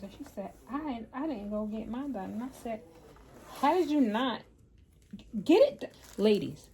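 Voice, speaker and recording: Mellow-voiced woman in her fifties chatting. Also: mid-range voice, husky. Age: 50s. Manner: candid, storytelling, talks straight to viewers. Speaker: vlogger and mother. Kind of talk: casual chat to camera.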